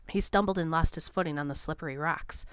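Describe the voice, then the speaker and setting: A woman's voice: low voice, vocal fry, no room sound. Woman narrating a story, dry and close. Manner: steady, measured storytelling. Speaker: audiobook narrator. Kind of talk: scripted narration.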